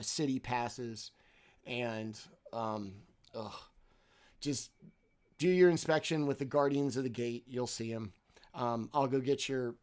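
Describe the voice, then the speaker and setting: A man's voice: medium pitch, a little mellow, lightly acted. A man voicing a flustered, hungover male guide who talks hesitantly, full of sighs and fillers.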